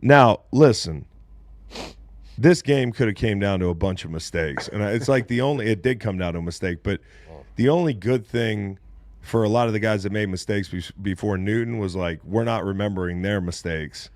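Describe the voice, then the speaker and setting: A man hosting a casual sports talk show, animated and loose, with plenty of slang and the odd swear. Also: fairly low pitch, moderate pace, no echo. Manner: animated, swears casually, says "bro" and "dude". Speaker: podcast host, former NFL player.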